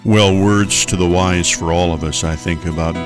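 A middle-aged man preaching a sermon, earnest and storytelling, swinging between loud emphasis and quiet. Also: low-pitched, steady tone, normal speed, music in the background. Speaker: pastor. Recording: long reverb of a large hall.

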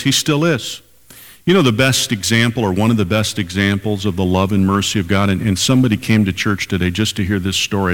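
A man's voice: fairly low pitch, a bit bright. Older man preaching in a reverberant hall. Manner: emphatic preaching, repeating lines for weight. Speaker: pastor. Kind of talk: sermon.

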